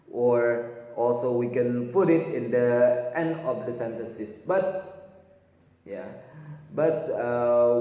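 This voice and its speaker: Slow, halting male teacher in echoey room. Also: medium pitch, mellow. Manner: halting, many restarts and fillers, repeats phrases. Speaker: English teacher. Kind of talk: grammar lesson explaining examples. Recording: echoey room with long reverb.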